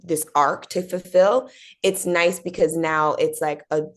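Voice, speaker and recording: A woman's voice: low-pitched, fairly even intonation, measured pace. A young woman answering interview questions in a bubbly, chatty way, with many fillers and acted-out quotes. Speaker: actor being interviewed.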